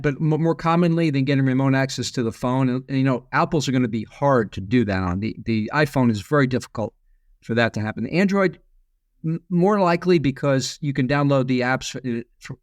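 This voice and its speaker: A man's voice: medium pitch, a little fast, dry recording. Man, podcast guest, explains at length, repeats words, dry close sound. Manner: explains at length with frequent restarts. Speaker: guest, former FBI agent. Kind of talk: casual podcast interview.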